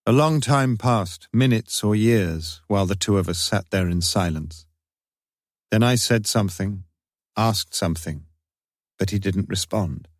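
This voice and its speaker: A man reading an audiobook in a measured, even scripted narration. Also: sits low, dry recording, clean studio sound.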